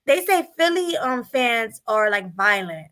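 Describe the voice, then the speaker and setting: A woman with a New Jersey accent chats casually in a high, very lively voice. She is expressive and slangy. Her tone is bright and sharp. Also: unhurried, dry recording, clean studio sound. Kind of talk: casual chat.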